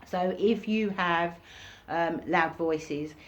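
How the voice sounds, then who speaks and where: Chatty woman teaching, low-pitched voice. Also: drawn-out words, lo-fi sound. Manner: chatty, acts out reactions in sudden high bursts. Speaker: workshop teacher. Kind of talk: informal recorded lesson.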